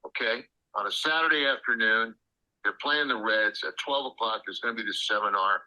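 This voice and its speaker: A man's voice: on the low side, a little fast, pushed and bright, rough recording. A man telling anecdotes as an interview guest, acting out the quotes with animation. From Illinois. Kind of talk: storytelling interview.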